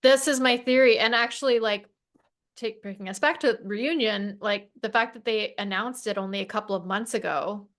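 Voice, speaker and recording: A woman's voice: mid-range voice, normal speed, fairly bright tone. A woman guest in a casual chat, talking emphatically with many fillers and some swearing.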